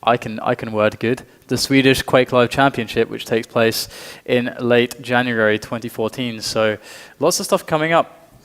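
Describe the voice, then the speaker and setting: A man casting a live online game match, play-by-play, getting excited at big plays. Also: medium pitch, moderate pace, few pauses, clean tone. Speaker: esports caster. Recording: long reverb and steady noise.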